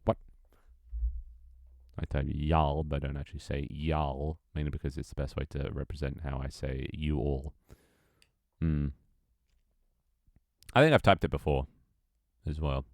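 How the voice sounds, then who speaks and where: A man's voice: a bass voice, fairly even intonation, measured pace, vocal fry, long pauses, a little mellow, no room sound, clean studio sound. A young British man with a British accent, chatting casually on a live stream, reading chat and joking with some swearing. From Britain. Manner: chatty, reads chat aloud, swears, laughs often.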